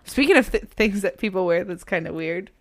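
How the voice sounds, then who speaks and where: A woman's voice: mid-range voice, brisk, no room sound, clean studio sound. A woman in casual chat as co-host, chatty and prone to going off on tangents. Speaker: podcast co-host.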